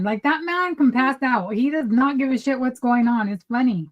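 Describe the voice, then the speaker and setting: Animated woman telling stories with a higher voice. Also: normal speed, dull audio. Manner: animated storytelling, acts out quoted dialogue. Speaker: podcast co-host. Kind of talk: casual chat.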